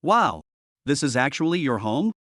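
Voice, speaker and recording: A man's voice: on the high side, big pitch swings, moderate pace, fairly bright tone, no echo, clean studio sound. A man voicing a friendly young woman who speaks plainly.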